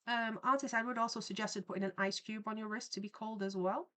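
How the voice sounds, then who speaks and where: A woman's voice: fairly high pitch, steady tone, fast talker, fairly bright tone. A young woman, hosting a livestream and chatting casually while she draws, telling rambling stories full of asides. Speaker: livestream host and artist. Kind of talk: casual chat while drawing on stream.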